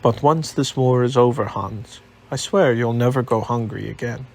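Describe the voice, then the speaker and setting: A polite, guarded young nobleman in a storybook reading, voiced by a man, pitched slightly above the reader's own voice. The tone is measured and careful, with a gravelly, husky edge running through it. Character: young male aristocrat in disguise, careful. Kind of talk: audiobook character voice.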